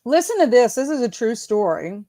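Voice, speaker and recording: A woman in her fifties, a school proctor and educator, chats casually on a video call in a slightly high voice at normal speed. She's an animated storyteller who laughs often and acts out exchanges.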